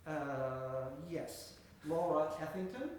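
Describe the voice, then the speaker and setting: Man presenter, fairly high voice, dry deadpan wit, live comic lecture, distant mic in an echoey room. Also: slow pace, slight background noise. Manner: dry, wry, deadpan asides. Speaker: host of a music comedy lecture. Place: concert room with a live audience. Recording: echoey room recorded from afar.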